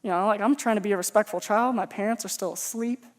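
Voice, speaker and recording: A male pastor from Texas tells stories in a casual sermon, joking and poking fun at himself in a humorous, conversational, self-mocking manner. His voice sits high and he talks fast.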